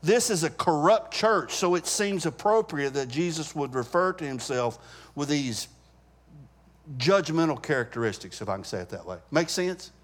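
Leading a Bible study, a man speaks with a fairly high, animated voice at a moderate pace. His style is conversational, with questions to the group and sentences he often starts over.

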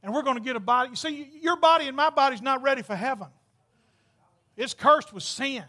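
A man's voice: extremely high pitch, fairly quick, sharp tone. A man preaching a folksy, exclamatory storytelling sermon, laughing at his own jokes.

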